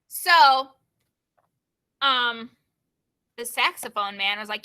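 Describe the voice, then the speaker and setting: A woman's voice: on the high side, lively intonation, moderate pace, pushed and bright. A woman teacher reading a novel aloud over a video call, stopping to explain it in a chatty way and check in with her students.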